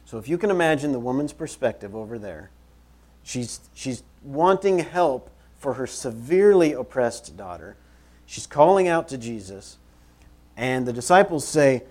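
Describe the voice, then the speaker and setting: A man preaching a sermon in church, conversational and animated, repeating phrases for emphasis as he moves about. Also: mid-range voice, moderate pace. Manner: moves around while preaching. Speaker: pastor.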